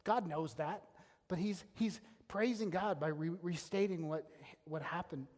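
A man with a high voice preaches a sermon, earnest and emphatic, often circling back to restart a phrase. His words ring out with a long reverb, as in a large church sanctuary. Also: unhurried, a little mellow. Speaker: pastor.

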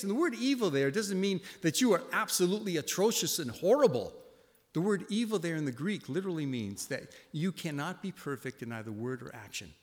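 A man in his sixties giving a sermon, telling a personal story and swinging from hushed reflection to loud exclamations. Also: a little high, lively intonation, a little fast. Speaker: pastor. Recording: long reverb of a hall.

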